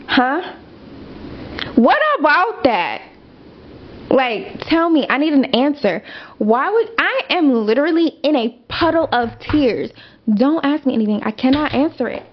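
A young woman hosting a podcast, telling a personal story in a casual, animated, emphatic way with lots of fillers. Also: a little high, slight background noise. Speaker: podcast host. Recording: dull lo-fi audio.

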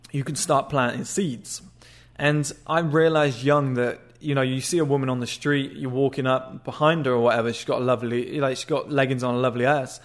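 A man giving dating advice in a blunt, crude, casual monologue, sometimes acting out short greetings. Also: medium pitch.

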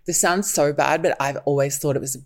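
A woman's voice: deep voice, a little fast. A young woman, a podcast guest chatting casually in a blunt, sassy way. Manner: blunt, sassy and expletive-laden. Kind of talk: casual chat.

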